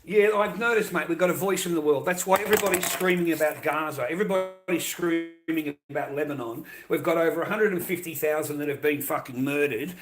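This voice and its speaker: A man's voice: a little high, a little fast, few pauses, background noise. A middle-aged man with an Australian accent, ranting in a sarcastic, mocking monologue full of swearing.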